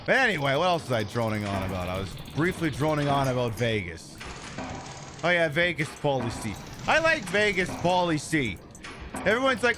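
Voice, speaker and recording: A man streaming a game with animated, sarcastic running commentary. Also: on the high side, fairly quick, music in the background. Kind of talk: let's play commentary.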